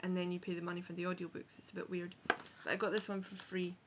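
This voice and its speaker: A woman's voice: lowish voice, level tone, fast talker, highs cut off, background noise. A young woman with an Edinburgh Scottish accent, chatting frankly through a casual book review vlog, with swearing and self-corrections. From Scotland. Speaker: book vlogger. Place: home room on a rainy day.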